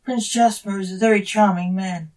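A woman voicing a shy young female alien in a read-aloud story, soft and coy, slightly off-mic. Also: medium pitch, fairly even intonation, moderate pace, recorded from a distance, natural voice. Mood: cool.

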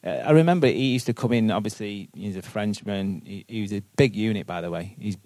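A man's voice: fairly low pitch, brisk, a little mellow, dry recording. A man, a football manager answering questions earnestly at a live podcast, often repeating words as he thinks aloud. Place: boardroom with live audience.

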